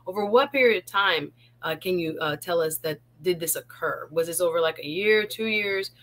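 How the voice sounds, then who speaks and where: A woman hosting a casual interview, lively and quick to jump in, with an African American English accent. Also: on the low side. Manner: lively, interjecting, laughs often. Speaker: show host.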